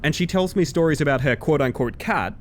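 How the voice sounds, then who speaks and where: A man streaming a game from home and chatting casually in a rambling, animated way. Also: a little high, brisk, slight background noise. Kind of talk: casual chat while gaming.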